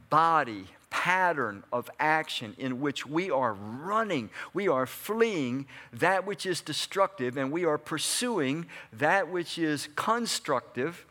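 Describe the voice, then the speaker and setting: A man delivering a sermon with a slightly raised pitch. He talks to the congregation in an easy way, firing off questions and answering them himself. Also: animated, takes it slowly, hardly any pauses, sharp tone. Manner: conversational preaching with rhetorical questions to the congregation. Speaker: pastor. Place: church hall before a congregation.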